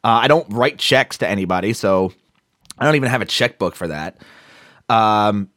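A man's voice: on the low side, moderate pace, no echo. A man chatting casually on a podcast, telling a story as he acts out what people said. His voice swoops up and down with lots of life, and the sound is dry and close. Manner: animated storytelling with acted-out quotes and swearing. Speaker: podcast co-host.

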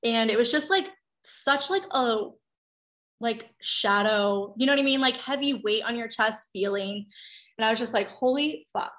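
A mother in her thirties tells a personal story in candid, chatty conversation, swearing freely and acting out quotes with big jumps in pitch. Her voice is a bit bright and moves at normal speed.

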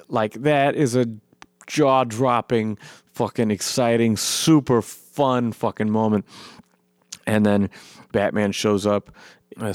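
A man excitedly recapping a film in a rambling, profane way, his voice worn from long talking. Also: on the low side, creaky, no echo, clean studio sound. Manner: enthusiastic, profane, rambling with many fillers. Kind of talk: excited movie recap monologue.

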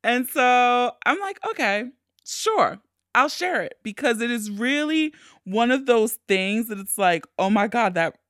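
A young woman hosting a podcast, telling a story in a casual, animated way, swearing freely and shrieking when she acts out moments of panic. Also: medium pitch, clear, resonant tone, no room sound, clean studio sound. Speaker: podcast host.

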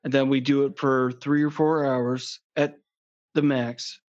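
A man's voice: medium pitch, flat delivery, measured pace, darkish tone. A man chatting casually as a podcast guest, joking crudely and rambling. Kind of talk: casual chat. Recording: dull lo-fi sound.

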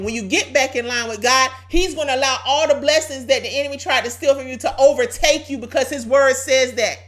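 Fervent high-voiced woman preaching, voice going hoarse. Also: a bit bright. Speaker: podcast preacher. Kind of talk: informal sermon.

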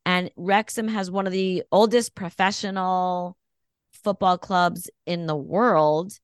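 A woman co-hosting a podcast, chatting casually and bluntly about TV shows with animated opinions. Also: mid-range voice, smooth, no room sound, studio quality. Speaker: podcast co-host.

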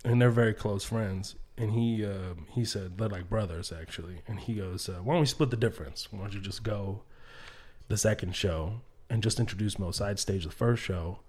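Animated storytelling man, swearing. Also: lowish voice, normal speed. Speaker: comedian guest. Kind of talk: casual podcast storytelling.

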